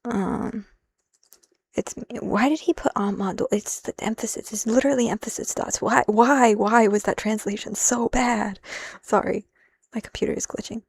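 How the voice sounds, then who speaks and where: A woman's voice: mid-range voice, fairly even intonation, normal speed, vocal fry, husky. A woman live-streaming as she translates a manga, thinking aloud in a rambling, self-interrupting way and dropping in Japanese phrases.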